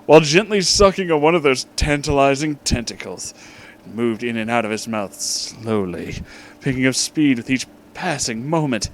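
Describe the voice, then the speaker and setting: A man's voice: mid-range voice, animated, moderate pace, poor audio. A man reading a fanfic aloud for comedy, reacting with disbelief. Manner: incredulous, breaking into laughter between lines. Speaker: reader.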